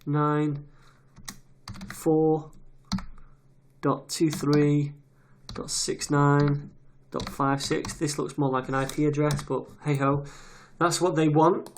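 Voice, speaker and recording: A man's voice: on the high side, flat delivery, takes it slowly. Chatty man narrating a coding screencast. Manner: casual, chatty, reads details aloud while typing. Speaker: web development tutor. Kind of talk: screen-recorded coding tutorial. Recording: audible keyboard typing noise. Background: keyboard clicks and typing.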